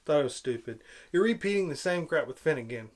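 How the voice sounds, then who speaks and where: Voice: medium pitch, expressive, fast. Annoyed vlogger ranting about a movie, sarcastic, keeps asking why. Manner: sarcastic, exasperated, rhetorical questions. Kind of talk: angry film-review rant.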